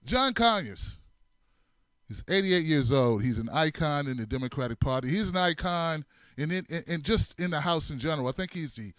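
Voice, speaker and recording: A man hosting a comedic political commentary show, animated, repeating his phrases and laughing often. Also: high-pitched, no room sound, clean studio sound. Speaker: host.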